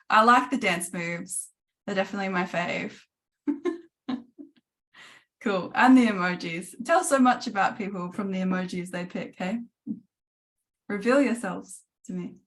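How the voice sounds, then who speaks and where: A woman in her thirties coaching writers on a live webinar, chatty and animated, laughing often. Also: medium pitch. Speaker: writing coach.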